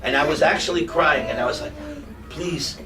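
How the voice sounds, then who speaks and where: A man's voice: a little high, fast talker, a crowd in the background. A man giving a devotional class to a group, telling humorous and emotional stories. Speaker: devotional teacher. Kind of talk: spiritual class talk with storytelling. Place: hall in front of a live group. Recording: distant mic with noisy room ambience.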